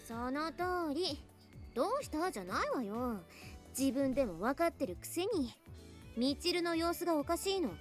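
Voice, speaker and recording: A woman's voice: high voice, lively intonation, quick pace, soft background music. An actress voicing a bossy young woman who scolds a teenage boy in anime-style game dialogue. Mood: scolding. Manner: scolding, commanding.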